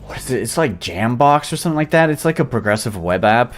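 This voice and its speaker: A man's voice: mid-range voice, expressive, fast talker. A man streaming a game and commenting casually in an offhand, rambling way. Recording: faint game music behind.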